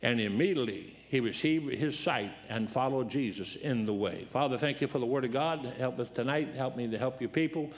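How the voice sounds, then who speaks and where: Folksy old preacher in a reverberant church. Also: male voice, medium pitch, a little fast, hardly any pauses. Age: 70s. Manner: folksy, rambling, humorous storyteller. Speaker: guest preacher. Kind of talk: sermon with personal storytelling. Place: church sanctuary.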